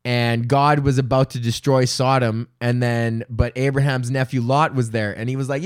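A man's voice: medium pitch, flat delivery, moderate pace, hardly any pauses, clear, resonant tone, dry recording, clean studio sound. A young man hosting a comedy podcast, ranting casually with lots of swearing and laughter. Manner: profane, laughing, jumps into silly mock British voices. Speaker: podcast host.

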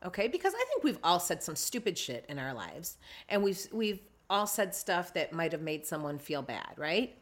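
A woman co-hosting a casual podcast chat, telling stories in an emphatic, animated way. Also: fairly low pitch, moderate pace. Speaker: podcast co-host.

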